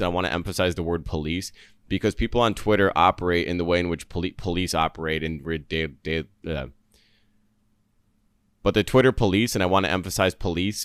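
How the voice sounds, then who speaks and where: A man's voice: sits low, fairly bright tone, clean tone, dry recording, studio quality. A man hosting a solo podcast, talking through news in an earnest, rambling way with many fillers and restarts. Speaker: podcast host. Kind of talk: solo commentary.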